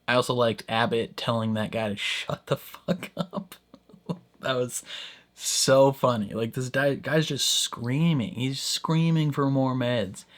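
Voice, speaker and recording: A man giving casual reaction commentary on a show, rambling and full of fillers, often laughing. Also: medium pitch. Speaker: reaction video host.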